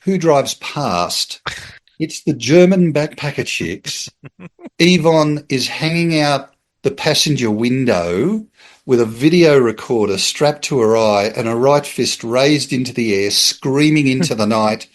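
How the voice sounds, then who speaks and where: Lively Australian man telling a story. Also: medium pitch, a little slow. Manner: lively storyteller who acts out voices and laughs mid-sentence. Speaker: guest, former police officer. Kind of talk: casual storytelling anecdote.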